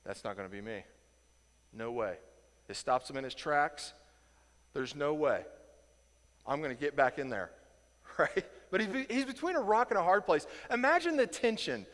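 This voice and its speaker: A man from Indiana teaching a Bible lesson in a casual, animated way, acting out the people in the story and chuckling as he goes. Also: on the high side, normal speed, long reverb tail. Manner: animated, acts out quoted voices, chuckles.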